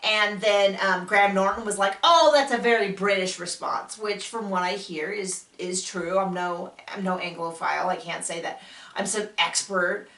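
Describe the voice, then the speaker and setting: A chatty woman from the US talks through a TV show in a lively, casual recap, her tone bright and clear. She leaps up in pitch whenever she acts out what someone said. The sound is roomy and a little distant from the mic. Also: normal speed. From United States. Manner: chatty, enthusiastic, acts out quotes with big pitch jumps. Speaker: podcast host reviewing a TV show. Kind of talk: casual spoken review. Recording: echoey room, voice a bit off-mic.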